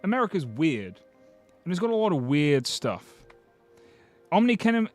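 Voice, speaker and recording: A man's voice: on the high side, very animated, normal speed, a little mellow, soft background music. Joking man on a livestream. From United Kingdom. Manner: chatty and joking, trails off with restarts, laughs at his own jokes, swears casually. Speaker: streamer. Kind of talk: casual livestream chat reading viewer comments.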